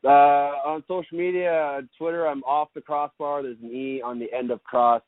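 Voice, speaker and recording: A man from Canada talks in a relaxed, easygoing way, often repeating a word as he gathers his thoughts. His voice comes through a thin, phone-like remote line. The sound is dry, with no room around it. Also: on the high side, normal speed, no echo. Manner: easygoing, repeats words while thinking. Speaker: guest, lacrosse broadcaster. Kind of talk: casual interview chat.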